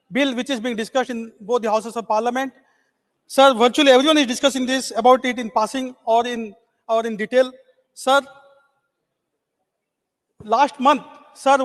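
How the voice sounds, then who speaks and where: A man from Odisha, giving a formal speech as a member of parliament and starting nearly every phrase with "sir". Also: extremely high pitch. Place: large legislative chamber. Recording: long reverb of a large chamber.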